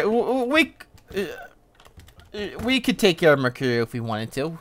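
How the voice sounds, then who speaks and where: A young man streaming a game, giving casual, joking commentary with excitable outbursts. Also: a little high, normal speed.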